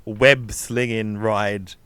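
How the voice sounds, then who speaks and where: A man's voice: on the low side, fairly even intonation, sharp tone, clear, resonant tone, no room sound. Man rambling through a film recap. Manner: rambling, acts out characters' lines in quick asides. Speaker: film review podcast co-host. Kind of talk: casual chat recapping a film.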